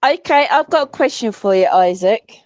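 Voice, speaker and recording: A woman in casual chat, asking measured questions with fillers and self-corrections. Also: on the high side, animated, a little mellow, dry recording.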